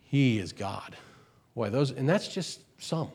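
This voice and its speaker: A male pastor delivers a sermon at an unhurried pace in a medium-pitched voice. He repeats phrases for emphasis and swings from hushed lows to loud, drawn-out highs on key words. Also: animated, husky.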